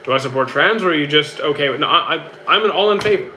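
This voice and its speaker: A man's voice: on the high side, expressive, quick pace, bright, forceful tone, a little hiss or hum, low-quality recording. A young man from Canada, a streamer casually answering chat questions in an easygoing, rambling way with many restarts.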